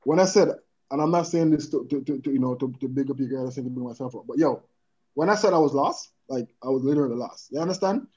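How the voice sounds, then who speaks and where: Heard through dull, lo-fi audio, a man with a medium pitch and a breathy edge talks quickly and with energy as a podcast guest. His casual chat is mixed with patois and peppered with "you understand?" check-ins.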